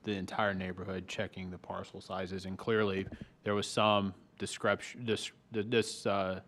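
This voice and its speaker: A man on a town's planning staff, explaining zoning rules at a public meeting in a measured way with frequent restarts. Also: sits low, little pitch movement, a bit bright. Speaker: town planning staff member. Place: town hall meeting room.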